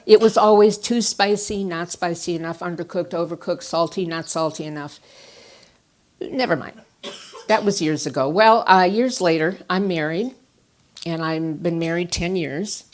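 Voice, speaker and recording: A woman therapist giving a conference talk, telling personal stories with animated swings from quiet asides to emphatic bursts. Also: lowish voice, normal speed. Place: stage at a conference.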